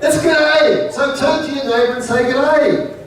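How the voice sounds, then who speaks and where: A man's voice: extremely high pitch, steady tone, fast, over a noisy crowd. A man with an Australian accent gives a jokey presentation to a club audience, coaxing them to join in. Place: club meeting hall. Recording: very echoey hall, distant mic.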